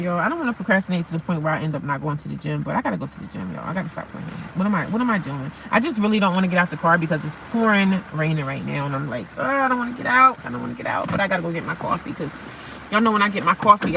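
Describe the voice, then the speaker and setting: A woman's voice: on the low side, animated, rapid-fire, vocal fry, noisy background. A woman vlogging casually from her parked car in the rain, chatty and repetitive, calling her viewers honey and baby. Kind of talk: casual chat to camera.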